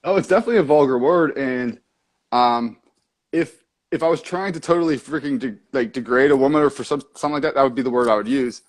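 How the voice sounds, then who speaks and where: A man's voice: medium pitch, fast talker. A laid-back man with a mid-range voice chats in an easy round table conversation. He agrees readily and drops swear words without a second thought. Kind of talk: casual chat.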